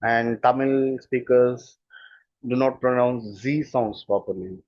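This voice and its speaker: A man's voice: medium pitch, takes it slowly, no room sound, highs cut off. A man with a standard Indian English accent, a communication skills coach explaining his views earnestly and stressing points by repeating them. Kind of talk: explanatory talk.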